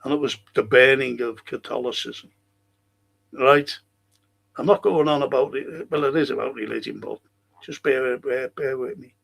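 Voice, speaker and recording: A man hosting a talk show, giving an impassioned monologue and reciting verse with slow, emphatic delivery and dramatic pauses. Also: mid-range voice, vocal fry, a bit bright, husky. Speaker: radio show host.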